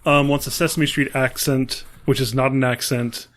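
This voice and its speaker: A man's voice: mid-range voice, little pitch movement, moderate pace, a bit bright. A man joining a casual podcast chat, joking about his own attempts at accents. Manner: self-mocking, jokey. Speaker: podcast guest.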